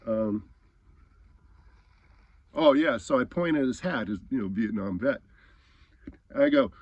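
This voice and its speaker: A man's voice: medium pitch, normal speed, dry recording. A man telling an angry story in a heated, profane rant, often stumbling over his words and restarting. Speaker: host.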